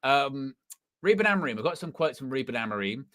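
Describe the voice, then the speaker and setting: A young man hosting a live football fan stream, chatting in an animated way and laughing often. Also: mid-range voice, a little fast, dry recording, clean studio sound. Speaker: football fan channel host.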